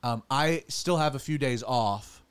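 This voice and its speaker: A man's voice: medium pitch, unhurried, clear, resonant tone. Guy, a pastor hosting his podcast, jokey, rambles and restarts a lot, chatting in a studio. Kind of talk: casual studio chat.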